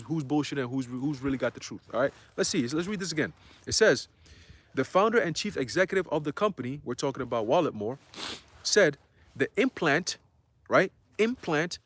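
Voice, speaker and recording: Fiery, profane man preaching. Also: fairly high pitch. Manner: fiery, profane, repeats points with "all right?". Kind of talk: livestreamed church sermon.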